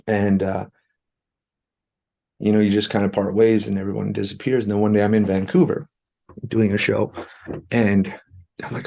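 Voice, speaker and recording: A man from Canada with a low, gravelly, husky voice, telling stories as an interview guest. He talks in an animated way and acts out other people's lines as he goes. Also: a little fast, long pauses. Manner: animated, acts out quoted dialogue. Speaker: musician guest. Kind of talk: storytelling interview talk.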